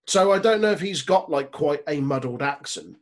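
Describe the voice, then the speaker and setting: A man's voice: on the high side, lively intonation, normal speed. A young man co-hosting a casual chat, making jokey, sweary asides and laughing often. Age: young adult. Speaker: podcast co-host.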